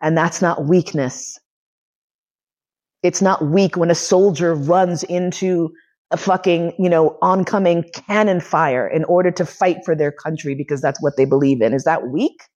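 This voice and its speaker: A woman's voice: lowish voice, fairly even intonation, measured pace, darkish tone. A woman in her forties giving a personal storytelling lecture, candid, profane and emotionally charged. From United States. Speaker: lecturer and podcast host.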